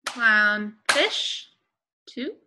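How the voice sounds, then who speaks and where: A young woman teaching a remote lesson to young children, speaking patiently and clearly with pauses between words. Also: fairly high pitch, very animated, background noise.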